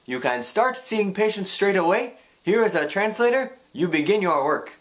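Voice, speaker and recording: A man voicing a welcoming male Ugandan medical director with a Ugandan English accent, eager and brisk. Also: high-pitched, lively intonation, a bit bright, pitched above the performer's own voice.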